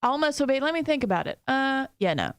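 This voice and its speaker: A woman's voice: high voice, sing-song, quick pace, no room sound, studio quality. Wry female radio co-host. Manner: wry, self-deprecating, sometimes mumbling. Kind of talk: casual morning radio banter. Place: radio studio.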